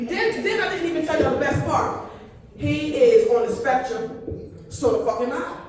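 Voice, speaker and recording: A woman's voice: sits high, animated, normal speed, a little hiss or hum. Brash profane woman in her fifties. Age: 50s. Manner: brash, profane, loud punchlines. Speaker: stand-up comedian. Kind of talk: stand-up comedy set. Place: comedy club stage. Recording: echoey club from far off. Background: audience laughing.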